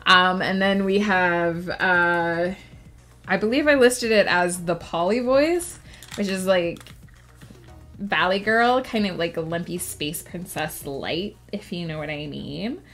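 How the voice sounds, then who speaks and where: A woman's voice: on the low side, slow pace, fairly bright tone, soft background music. A woman streamer chatting casually to her viewers, laughing often and talking with many fillers. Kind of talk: casual live-stream chat.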